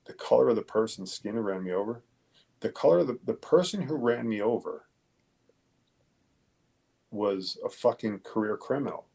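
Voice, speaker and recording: Telling his story as an interview guest, a police detective swears freely and speaks with blunt emphasis. His voice is low, gravelly, and somewhat husky yet warm, with lively intonation, normal speed, and long pauses.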